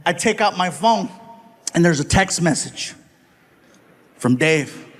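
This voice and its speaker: High-voiced man doing stand-up. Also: slow. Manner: animated storytelling with shouted voice impressions. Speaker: stand-up comedian. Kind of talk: stand-up comedy routine. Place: stage before a live audience.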